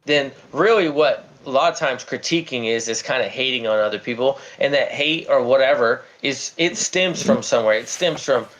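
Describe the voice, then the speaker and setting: A man's voice: medium pitch, normal speed, hardly any pauses, fairly bright tone, a little hiss or hum. A man hosting a livestream who argues heatedly, stammers and repeats himself as he tells a story. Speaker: livestream host. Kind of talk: heated debate. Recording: dull lo-fi stream audio.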